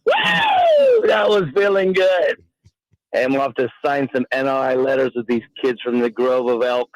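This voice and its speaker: A man calling a sports radio show on his phone, excited and whooping. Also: medium pitch, unhurried, no room sound, lo-fi sound. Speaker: caller. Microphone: phone held to ear while driving.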